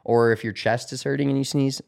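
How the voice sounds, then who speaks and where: A man with an average-pitched voice rambles through a casual podcast chat. He stacks up fillers and restarts as he talks. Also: steady tone, fairly quick, gravelly, darkish tone. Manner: rambling and chatty, with many fillers.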